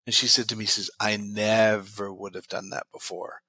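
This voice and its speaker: A man's voice: on the low side, level tone, normal speed, few pauses, pushed and bright, dry recording. A man, a guest expert in an interview, telling client success stories and quoting what they said. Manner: retells client stories with many quoted lines. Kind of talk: interview storytelling.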